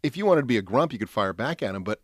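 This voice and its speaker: A male radio morning show host who rattles along at a brisk clip, cracking jokes and cutting in eagerly. His voice sits at a middling pitch and comes across close and dry through a studio microphone, with no room sound around it. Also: no room sound. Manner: joking, excitable, talks over guests. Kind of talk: casual studio chat.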